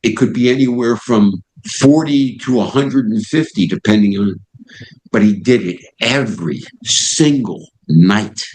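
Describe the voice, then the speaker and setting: Here an older satellite radio host, a guest in an interview, tells an anecdote at a measured pace in a fairly low voice. He's an animated storyteller who acts out the voices of those in the story, though the audio is poor.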